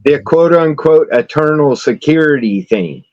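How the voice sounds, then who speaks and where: Guy preaching a bit on a podcast, real slow and lively, kinda muffled lo-fi audio. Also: a little high, dry recording. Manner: emphatic preacher-like delivery, blunt and straightforward. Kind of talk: casual podcast chat.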